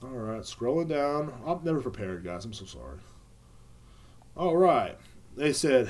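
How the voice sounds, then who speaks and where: A man's voice: medium pitch, animated, moderate pace, pauses often, a little mellow. A man hosting a casual solo podcast, rambling and swearing, with lots of filler words and restarts. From United States. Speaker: podcast host.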